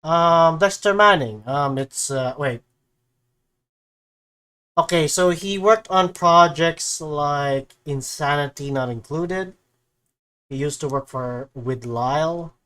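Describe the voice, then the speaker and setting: A man's voice: fairly high pitch, takes it slowly, pushed and bright, smooth. Young male streamer, casual and rambling reaction talk. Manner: rambling, with many fillers.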